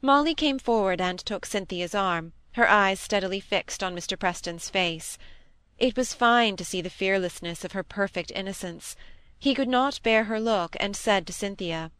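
A woman giving a steady, even reading as an audiobook narrator. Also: mid-range voice, normal speed, clear, resonant tone, no room sound. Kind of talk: scripted narration.

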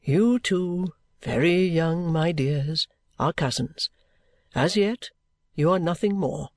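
A man reading the part of a kindly older male guardian in an audiobook, speaking in a cordial, measured, fatherly way. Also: on the high side, no echo. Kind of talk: audiobook reading of a classic novel.

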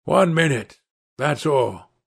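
A man's voice: fairly high pitch, lively intonation, takes it slowly, gravelly, husky, exaggerated voice. Man playing a grim vengeful sailor. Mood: menacing. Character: vengeful rough sailor brother, threatening, grim.

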